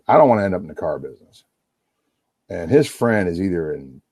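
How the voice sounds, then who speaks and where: A man's voice: low-pitched, warm tone, slightly rough, no room sound. A middle-aged man rambling and swearing in a casual livestream monologue, talking over himself. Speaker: livestream host on a phone call.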